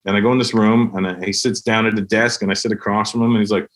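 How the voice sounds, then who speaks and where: A man's voice: fairly low pitch, fast talker. Guy telling a wild story on a podcast, swears a lot, jumps into voices for everyone. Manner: animated, profane, acts out the dialogue. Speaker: comedian guest. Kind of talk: comic storytelling anecdote.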